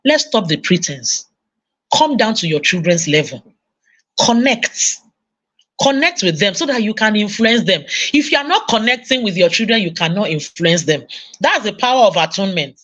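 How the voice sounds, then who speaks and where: A woman's voice: mid-range voice, normal speed. A woman with a Nigerian English accent giving a sermon-style parenting talk at a conference, telling stories and acting out voices. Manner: animated storytelling, acting out voices. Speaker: conference speaker.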